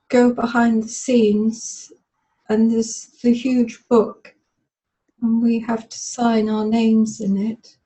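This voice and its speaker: In a therapy demonstration, a volunteer woman speaks in a fairly high, warm voice, tearfully reliving a memory aloud in the present tense with halting, stop-start phrasing. She's emotional, and the webinar call audio is rough.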